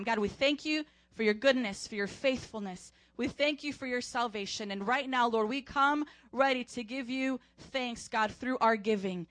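Woman leading church prayer and offering, kinda high voice, steady earnest, dry sound. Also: no echo. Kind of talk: leading prayer and scripture recitation. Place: church sanctuary.

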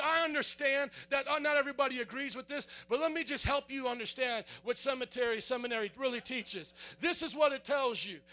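A man preaching a sermon as pastor, fervent, quizzing the congregation in call-and-response and building up to shouts. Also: very high voice.

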